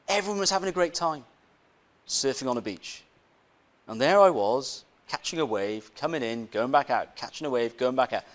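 A man's voice: mid-range voice, animated, normal speed. A male preacher giving a conversational sermon, telling a personal story, often asking the congregation rhetorical questions and repeating his phrases.

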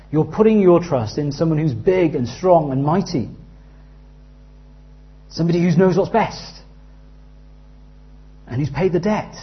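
A man in his thirties preaching a sermon earnestly, dropping to a hush and rising loud as he tells stories. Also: a little high. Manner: earnest, with big swings from hushed to loud in anecdotes. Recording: slightly dull, lo-fi sound.

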